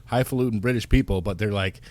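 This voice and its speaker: A man's voice: lowish voice, quick pace, darkish tone. Emphatic man ranting about a film. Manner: emphatic, repeats himself, swears. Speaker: podcast co-host. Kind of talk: casual movie review chat.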